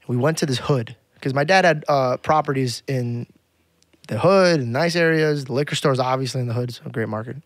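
A young man, a podcast guest, telling lively stories from his childhood in casual chat, swearing often and calling people "bro". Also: mid-range voice, fairly quick, dry recording, clean studio sound. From grew up in Arizona. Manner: animated, swears a lot, says "bro".

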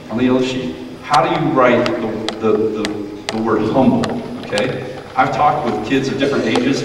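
A man's voice: medium pitch, slight background noise. Brief: male pastor, playful children's sermon, distant mic, long church reverb. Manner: playful, acts out quoted voices. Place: church sanctuary. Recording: echoey church hall, mic far off.

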